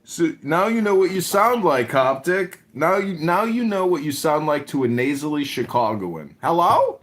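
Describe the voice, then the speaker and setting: A livestream host putting on the nasal, raspy voice of a mocking Chicago man. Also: on the high side, sing-song, moderate pace, fairly bright tone, voice pushed up. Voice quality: nasal rasp.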